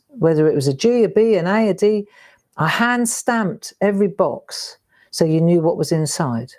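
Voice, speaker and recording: Sorting through old keepsakes on a craft live stream, a middle-aged woman chats and exclaims in a mid-range voice with a darkish tone. The host keeps the talk casual throughout.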